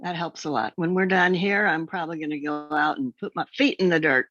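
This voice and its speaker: A woman with an American accent co-hosting a casual chat over a video call, expressive with drawn-out emphasis. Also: sits low, highs cut off. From USA. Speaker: co-host.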